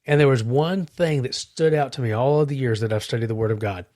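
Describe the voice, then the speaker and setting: A man co-hosting a Christian podcast, speaking earnestly and reflectively, slowing down on key points. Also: mid-range voice, a little mellow. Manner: earnest, reflective, slow emphasis. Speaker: podcast co-host, Christian minister. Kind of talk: casual chat.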